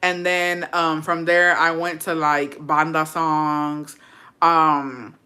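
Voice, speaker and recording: A woman's voice: low voice, little pitch movement, takes it slowly, bright, forceful tone. A young adult woman telling a story in a casual vlog chat, brash and profane, dramatic, and dropping in Spanish phrases. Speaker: vlogger.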